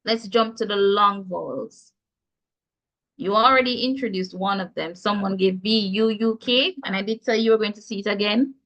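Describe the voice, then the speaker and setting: Speaking at a moderate pace with a medium pitch and a slightly bright tone, a Jamaican-accented woman teaches pronunciation in an online class. She is encouraging and carefully spells out each sound. The call audio is dull and lo-fi.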